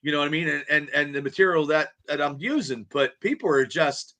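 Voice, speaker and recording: A man's voice: fairly high pitch, animated, a little fast, crowd noise. A man hosting a podcast in casual chat, rambling and stammering as he repeats words. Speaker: podcast host.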